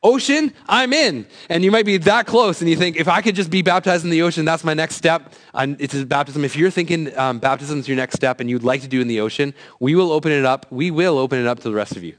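A man in his thirties giving a casual, conversational sermon as a youth pastor, joking at his own expense and acting out quoted voices. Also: on the high side. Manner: conversational, self-deprecating, acts out quoted voices.

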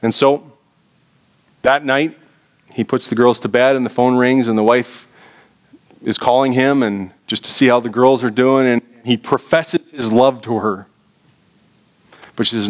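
A pastor delivering a sermon, telling a story in a hushed, low voice and then rising to an urgent, high preaching tone. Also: male voice, animated, normal speed.

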